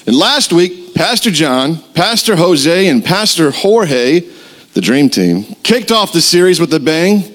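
Animated pastor telling a story. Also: male voice, on the high side, a little slow. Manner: animated storytelling, acts out quotes. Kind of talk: sermon.

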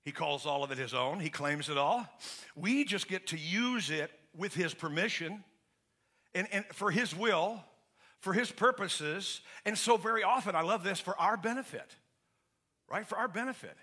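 Man, pastor, sermon, slightly high voice, bright and forceful, call-and-response with the congregation. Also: expressive, moderate pace. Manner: asks the congregation to fill in his questions; emphatic and conversational, with frequent restarts.

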